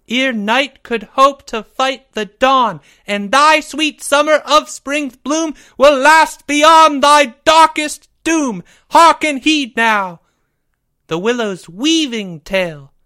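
Brief: a pompous schoolboy poet, slight British accent, high affected sing-song, slow and stately. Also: male voice, pushed and bright, smooth, full character voice. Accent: slight British, put on.

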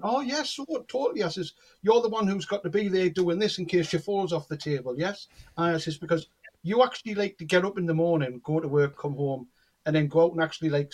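A man, telling anecdotes in casual chat and acting out the dialogue in them. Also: on the high side. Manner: animated storyteller, acts out quoted dialogue. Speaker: guest, cold reader.

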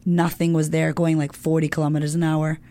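A woman's voice: sits low, flat delivery, brisk, dark tone. A woman guest in an interview, telling a personal story casually and candidly, swearing often and filling her talk with "like".

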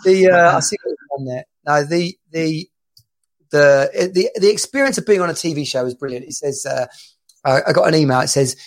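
A man with a slightly raised voice, co-hosting a casual chat podcast. He tells his anecdotes with animated energy and frequent laughter. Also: on the high side, normal speed. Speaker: podcast co-host.

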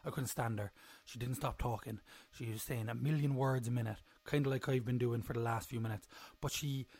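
A man's voice: medium pitch, dry recording. A young man, hosting a casual solo recap podcast in a rambling, jokey, self-mocking way. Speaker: podcast host.

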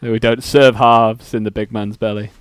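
A man who produces and chats on a comedy podcast. His voice is smooth and resonant with a dry, close sound. He tosses off quick, playful jokes. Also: lowish voice, flat delivery, dry recording. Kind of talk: casual comedic chat.

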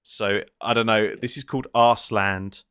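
A man hosts a comedy podcast and introduces a story in a relaxed, hesitant chat. His voice is low. The sound is dry and close. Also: measured pace, clear, resonant tone, no room sound. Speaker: podcast host and writer. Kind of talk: casual chat.

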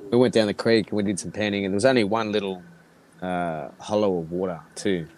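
Australian man, low voice, rambling casual storytelling, swears freely, faint background hum. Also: fairly even intonation, fairly quick, darkish tone.

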